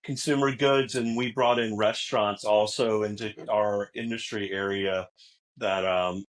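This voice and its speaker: Relaxed man, casual guest talk. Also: fairly low pitch, unhurried. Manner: relaxed, many fillers and restarts. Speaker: guest, technology executive.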